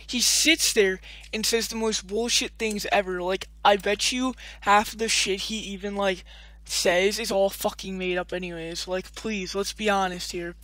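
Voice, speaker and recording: A man's voice: high voice, steady tone, measured pace, bright, forceful tone, dry recording, poor audio. A man doing a profane, defiant rant as a YouTuber addressing his viewers. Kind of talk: ranting vlog to camera.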